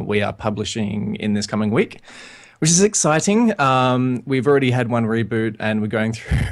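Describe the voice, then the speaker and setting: A man with an Australian accent, calling in to a podcast and chatting in an easygoing, laughing way. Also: fairly low pitch. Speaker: caller. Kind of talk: casual chat.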